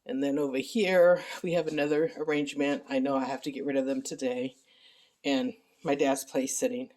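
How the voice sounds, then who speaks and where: A middle-aged woman with a deep, low voice talks into a handheld phone camera at home. She speaks softly and haltingly, pausing on ums and apologizing often, in a casual personal update. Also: fairly even intonation. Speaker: vlogger giving a personal update. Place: at home, indoor living room.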